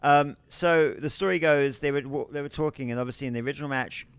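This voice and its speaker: A man's voice: fairly high pitch, quick pace, clear, resonant tone, no room sound. A man co-hosting a wrestling podcast, telling stories in a casual, chatty watch-along with frequent swearing and restarts. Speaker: podcast co-host.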